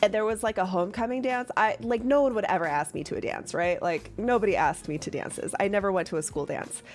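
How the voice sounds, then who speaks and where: A woman's voice: medium pitch, fast, faint music behind. A woman running a tabletop game as game master, chatting casually in a rambling way with lots of fillers and some swearing.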